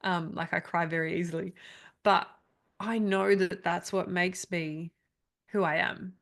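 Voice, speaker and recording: Woman coach in her thirties, low gravelly voice, candid and chatty, online video call. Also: fairly even intonation, a little slow, fairly bright tone. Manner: candid, chatty, laughs often. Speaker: trauma coach. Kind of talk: live online workshop talk.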